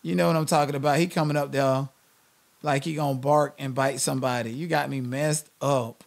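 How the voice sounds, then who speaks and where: A man's voice: mid-range voice, fairly even intonation, brisk, gravelly. A man hosting a live-stream commentary channel, ranting in a blunt, sassy, emphatic way.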